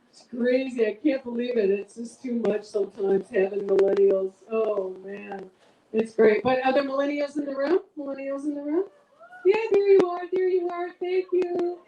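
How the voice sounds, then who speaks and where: High-voiced woman comic in an echoey room. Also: fairly even intonation, unhurried, mellow, distant mic, slight background noise. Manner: chatty, self-mocking, big swings in pitch. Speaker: stand-up comedian. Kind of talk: stand-up comedy set. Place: event room with a live audience.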